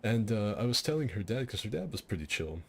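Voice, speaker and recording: Man, low voice, casual streamer host, rambling storyteller, self-interrupting, faint background noise. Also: big pitch swings, fast talker, creaky. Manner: rambling, self-interrupting, laughing at his own jokes. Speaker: streamer hosting a game fight night. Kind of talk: casual storytelling over gameplay.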